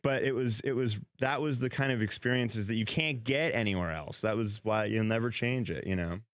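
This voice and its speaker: A former hockey goalie turned actor, a man telling animated, rambling stories as a guest on a talk show, often restarting his sentences. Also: lowish voice, brisk, slight background noise. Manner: lively, rambling, acts out quotes with restarts.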